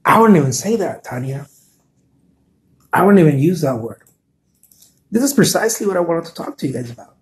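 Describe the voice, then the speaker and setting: A man's voice: a little high, very animated, brisk, pauses often. A man hosting a casual live stream, talking earnestly and encouragingly, often repeating words and answering viewer comments.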